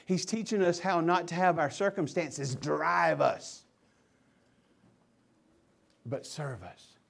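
A pastor preaching with a fairly high voice. He talks with passion, going from loud and pressing to low and quiet. His delivery is fervent and direct. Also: slow, creaky. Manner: impassioned, swings from loud to hushed. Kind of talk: sermon.

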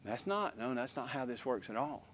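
A man preaching a sermon, emphatic and animated, with repeated phrases and questions to the congregation. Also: mid-range voice, moderate pace, husky.

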